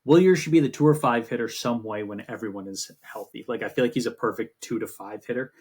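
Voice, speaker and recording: Husky dude yapping about baseball on a podcast, loose and rambly. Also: male voice, mid-range voice, fast talker. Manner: rambling, animated storytelling with swearing. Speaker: podcast co-host. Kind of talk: casual sports chat.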